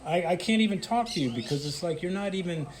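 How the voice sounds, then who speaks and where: A man's voice: sits high, lively intonation, fast talker, slight background noise. A middle-aged man from the United States in a casual interview, talking emphatically in bursts with frequent restarts. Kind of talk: casual conversation.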